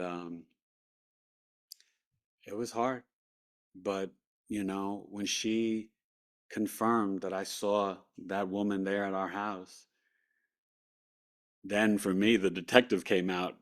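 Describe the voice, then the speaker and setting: A man telling his near-death story in a casual, animated way. He acts out the voices of the people in it. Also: lowish voice. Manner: animated retelling, acting out quoted voices. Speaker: guest recounting a near-death experience. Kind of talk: personal storytelling.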